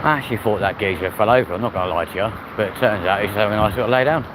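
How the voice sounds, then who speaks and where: A man's voice: on the low side, very fast. A man, chatting bluntly and swearing freely while live-streaming on a walk through a city park. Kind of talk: casual walking live stream. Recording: loud outdoor wind and street noise. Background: wind and traffic noise.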